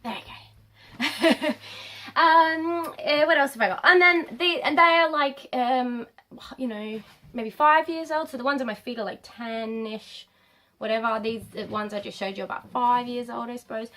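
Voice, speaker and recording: A woman's voice: a little high, moderate pace, bright, forceful tone. A young adult woman vlogging casually to camera at home, rambling with many ums.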